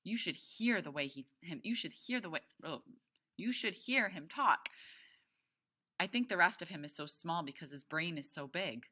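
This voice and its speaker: Woman reading big shy teen boy, plain and earnest, low bright voice. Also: expressive, normal speed, husky, exaggerated voice.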